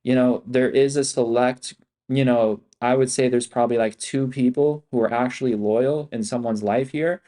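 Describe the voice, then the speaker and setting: A man's voice: mid-range voice, fairly even intonation, moderate pace, warm tone. A man hosting a livestream as an options trader, talking in a hyped, profane, slangy way and repeating himself a lot. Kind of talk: casual livestream talk.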